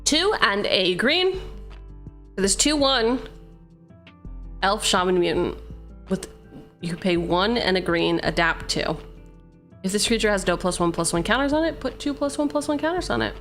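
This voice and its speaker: A woman's voice: mid-range voice, expressive, normal speed, long pauses, a bit bright, soft background music. A young adult woman hosting a casual live stream about building a card-game deck, playful and teasing, mixing card text with banter. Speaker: streamer host.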